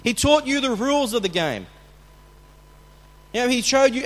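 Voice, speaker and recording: A man preaching as a pastor, talking in a conversational way with restarts and bursts of acted shouting. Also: extremely high pitch, expressive, normal speed. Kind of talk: sermon. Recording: long hall reverb.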